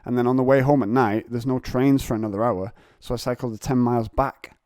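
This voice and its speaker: A man's voice: medium pitch, steady tone, fairly quick, a little mellow, dry recording, clean studio sound. An English man hosting a casual solo podcast from home, rambling and digressive with self-mocking humour. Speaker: podcast host. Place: home, on a couch.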